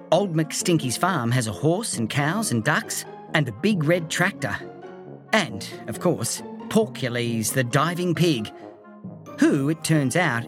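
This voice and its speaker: A woman narrating a children's story aloud in a playful, expressive way. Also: a bass voice. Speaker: audiobook reader.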